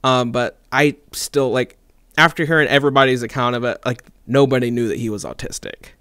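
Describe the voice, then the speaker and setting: Animated young man telling a party story. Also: mid-range voice, brisk, clear, resonant tone, no room sound, studio quality. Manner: animated, acts out quoted voices, laughs often. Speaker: podcast co-host. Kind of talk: casual storytelling chat.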